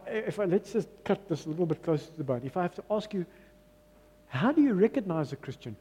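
A man preaches a sermon, his voice high for a man, mellow and a little husky. He drives his points home by repeating phrases. The long reverb of a church hall trails behind him. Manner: emphatic, repeats phrases, mixes in Afrikaans. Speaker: pastor.

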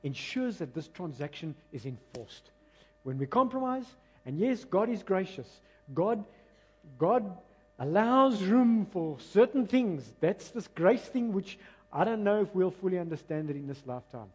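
A man preaching a passionate, emphatic sermon that swings between loud and quiet. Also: sits high, sing-song, a little slow, husky. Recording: long reverb of a large hall.

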